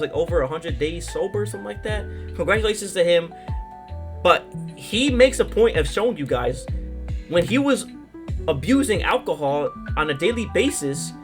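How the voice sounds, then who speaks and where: Excitable male reactor, casual slang, very lively pitch, faint music underneath. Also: normal speed. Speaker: reaction video host.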